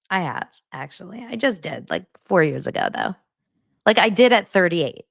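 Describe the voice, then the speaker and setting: A woman's voice: measured pace, vocal fry, long pauses, no echo, studio quality. A woman in her forties hosting a podcast, chatting casually about TV and laughing often. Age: 40s. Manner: animated, acts out quotes in a higher voice, laughs often. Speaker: podcast host. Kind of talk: casual pop-culture recap chat.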